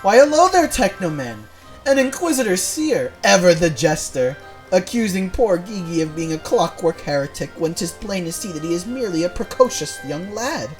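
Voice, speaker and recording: A grandiose male inspector from a fantasy game, booming out his lines with pompous flair, as a man puts him on. His pitch leaps up and down with theatrical gusto, with faint music beneath. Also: big pitch swings, normal speed. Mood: bombastic. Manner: bombastic, declamatory.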